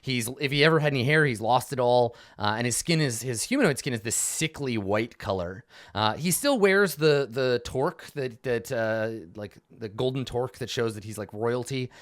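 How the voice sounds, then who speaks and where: Rambling game master, mid pitch. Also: male voice, moderate pace. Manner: rambling, full of fillers and restarts. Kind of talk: narrating a tabletop game.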